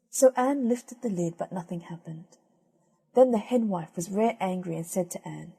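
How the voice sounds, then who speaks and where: A woman reading old fairy tales aloud as an audiobook narrator, gentle and measured. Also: mid-range voice, vocal fry, slightly rough. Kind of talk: storybook reading.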